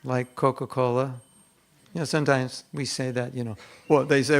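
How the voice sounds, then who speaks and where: An older man giving a devotional class, earnest and conversational, softly acting out quoted prayers. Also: medium pitch, fairly even intonation, a little fast, vocal fry. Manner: earnest and conversational, acts out quotes in soft hushed tones. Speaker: spiritual teacher giving a class.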